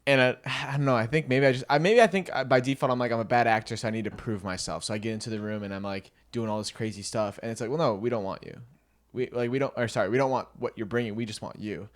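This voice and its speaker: A man's voice: medium pitch, fast talker, few pauses. A man hosting a podcast, chatting casually and agreeably, thinking aloud as he talks. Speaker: podcast host.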